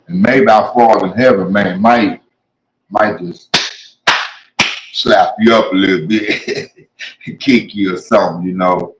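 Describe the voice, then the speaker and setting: Slangy preaching man in an echoey room. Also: lowish voice. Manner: slangy, conversational, reads scripture aloud then riffs on it. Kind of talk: casual street-style Bible teaching.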